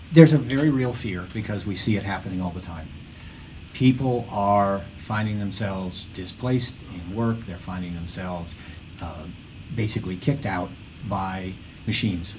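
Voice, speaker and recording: A low-pitched man talks on a panel, pressing his points hard and slipping in wry jokes. His delivery is emphatic and a little sardonic. A faint hum of room ambience sits under the voice. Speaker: panel speaker. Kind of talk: panel discussion talk.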